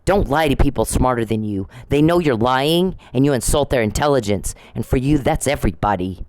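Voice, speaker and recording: A man's voice: medium pitch, animated, brisk, darkish tone, no echo, rough recording. A man delivering an angry, confrontational monologue at someone he says is harassing him, repeating himself and swearing.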